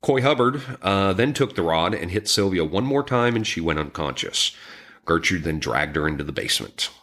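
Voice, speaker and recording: A man co-hosting a podcast, recounting a true crime story in a somber, halting way, with frequent ums and restarts. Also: low voice, sing-song, a bit bright. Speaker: podcast co-host.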